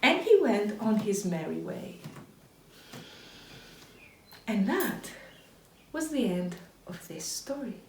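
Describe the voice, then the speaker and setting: A woman telling a children's story in an animated, expressive way. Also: mid-range voice, a little slow, a little hiss or hum. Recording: echoey room, distant mic.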